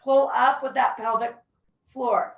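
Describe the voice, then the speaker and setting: Far from the mic in a reverberant room, a young woman leads mat pilates, giving breath counts, supportive cues and occasional whoops. Her voice is a little high and fairly even, she takes her time, and the highs are cut off.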